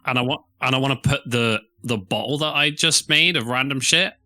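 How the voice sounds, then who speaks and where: A man's voice: mid-range voice, brisk, sharp tone, no echo. A man playing in a tabletop game, eager and tripping over his words. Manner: eager, stumbling restarts. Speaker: player. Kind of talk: casual game chat.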